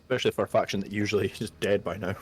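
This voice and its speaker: A man's voice: lowish voice, steady tone, rapid-fire, husky. A man playing a game with a friend, chatting casually with a dry, teasing humor. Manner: wry, teasing, trails off into mumbles. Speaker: co-player. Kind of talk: casual chat while gaming.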